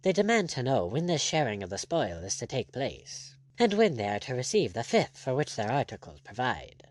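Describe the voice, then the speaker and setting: Bold, ironic buccaneer captain, blunt and firm; read by a male narrator. Animated, dry recording. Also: medium pitch, normal speed, dry recording.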